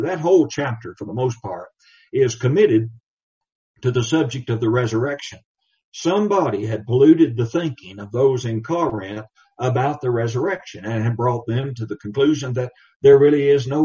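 Distant preacher with a mellow voice. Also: male voice, mid-range voice. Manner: emphatic, reads scripture slowly in old English. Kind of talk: sermon. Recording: distant, dull lo-fi recording.

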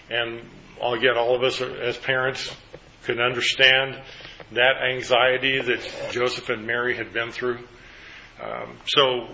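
A man's voice: medium pitch, pushed and bright, dull audio, slight background noise. A man leading a group Bible study, asking the group questions and then recapping their answers.

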